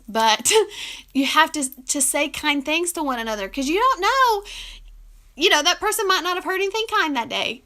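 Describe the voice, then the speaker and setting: A young woman giving heartfelt relationship advice to camera, emotional and giggly as she talks. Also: sits high. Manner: warm, emotional, giggly, earnest. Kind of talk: casual heartfelt talk to camera.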